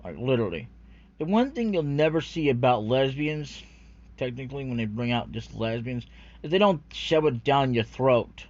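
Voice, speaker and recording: A man's voice: mid-range voice, big pitch swings, normal speed, darkish tone. A man ranting in a rambling, unscripted way about anime, profane and full of fillers, on a dull lo-fi recording. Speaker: anime commentary vlogger.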